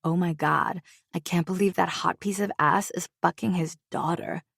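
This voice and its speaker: A woman's voice: fairly low pitch, fairly even intonation, normal speed, gravelly, a bit bright, slightly rough, dry recording, clean studio sound, full character voice. Woman doing a brash, flirty brunette. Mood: crude. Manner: flirty, catty, crude.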